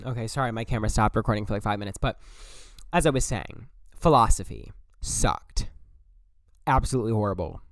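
A young man casually telling a story to his camera, blunt and profane with animated asides. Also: on the low side, brisk, pauses often, dry recording. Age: young adult. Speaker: vlogger.

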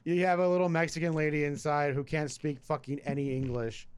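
A man's voice: on the high side, fairly quick, smooth. A man co-hosting a casual beer-tasting podcast, telling crude stories with plenty of swearing and laughter. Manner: animated, profane, laughing storyteller. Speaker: podcast co-host. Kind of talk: casual chat over beers.

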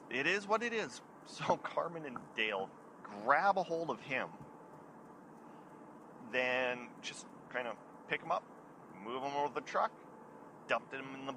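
A man's voice: medium pitch, sharp tone, slight background noise, low-quality recording. A man, hosting his own show and telling a casual story, chatty and laughing at himself now and then. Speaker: podcast host.

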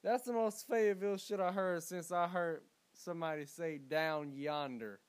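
A young man from Alabama hosting his podcast, rambling in a profane, comedic monologue with loud bursts. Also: high voice, moderate pace, clear, resonant tone, no room sound. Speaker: podcast host.

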